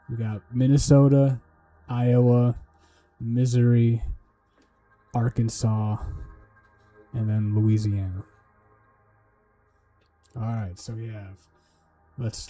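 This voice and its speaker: A man's voice: mid-range voice, steady tone, slow, long pauses, warm tone, faint music behind. A man streaming while he studies, talking to himself casually, swearing and making up silly memory tricks. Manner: muttering to himself, swearing, joking mnemonics. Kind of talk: casual livestream study talk.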